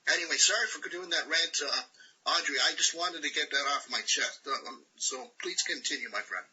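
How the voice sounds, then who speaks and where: A man rants with preachy conviction, punching his points with repeated tag questions. His voice is high for a man and very bright, with heavy rasp. It comes through a dull, lo-fi call line. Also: brisk. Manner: preachy, repetitive "all right?" tag questions. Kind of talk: impassioned rant on a group call.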